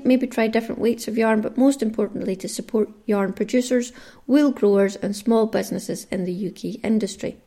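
A woman's voice: fairly high pitch, mellow. A woman from Caithness in the far north of Scotland with a Caithness accent, hosting her own podcast in a casual, chatty way and reading out lists of listener names. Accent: Scottish, Caithness. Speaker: podcast host. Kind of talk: casual solo podcast chat.

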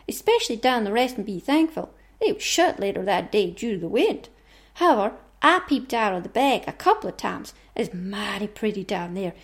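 A woman voicing two chatty female toy dolls, putting on an American accent and trading cheery, sing-song lines. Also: fairly high pitch. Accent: put-on American. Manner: sing-song, exaggerated, cheery back-and-forth.

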